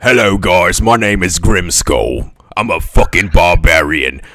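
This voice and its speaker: A man voicing a boastful half-orc barbarian warrior in a put-on Cockney accent, gruff and threatening. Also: sits low, unhurried, sharp tone, no echo, studio quality, pitched below the performer's own voice, heavily acted.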